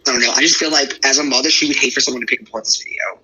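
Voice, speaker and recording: Man, casual commentary, blunt, rambling, rapid delivery, sharp tone. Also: mid-range voice, slight background noise, poor audio.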